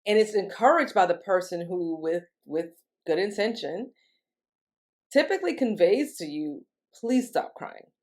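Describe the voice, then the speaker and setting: A woman's voice: fairly low pitch, animated, normal speed, darkish tone. A woman, a grief recovery specialist, explaining step by step in an educational monologue and often asking "right?" to check in with the listener. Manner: acts out quoted speech in a livelier voice.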